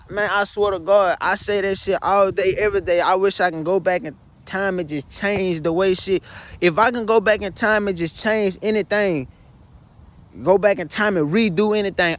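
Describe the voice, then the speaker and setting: Young man, tearful, profane, repetitive, high-pitched voice. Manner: distraught, addresses listener as "son" constantly, profane, repetitive. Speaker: vlogger. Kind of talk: emotional confessional monologue. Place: his bedroom.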